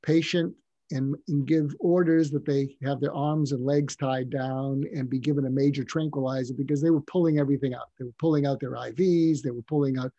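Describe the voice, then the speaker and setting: Older male psychiatrist, interview guest, reflective and halting; warm, breathy tone; dry, muffled lo-fi audio. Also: medium pitch, steady tone, dry recording. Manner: reflective, halting, with frequent restarts. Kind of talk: personal storytelling in a conversational interview.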